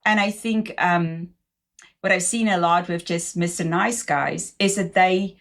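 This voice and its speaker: Middle-aged woman host with a low-set voice, thoughtful and conversational. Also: steady tone, a little slow, creaky, fairly bright tone. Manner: thoughtful, many fillers and affirmations. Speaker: podcast host. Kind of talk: casual conversational interview.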